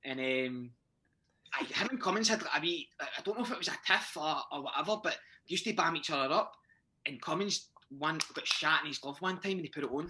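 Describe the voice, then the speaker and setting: A man's voice: fairly high pitch, a little fast, sharp tone, slight background noise. A young Scottish man in his twenties, guesting on a podcast and telling rambling, sweary dressing-room stories with lots of restarts. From Scotland. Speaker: guest footballer. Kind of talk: casual podcast chat.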